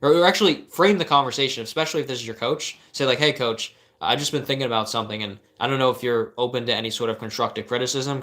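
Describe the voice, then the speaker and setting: Young male life coach, bright tone, earnest, rambling with restarts, casual live advice. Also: medium pitch. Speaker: life coach answering live viewer questions.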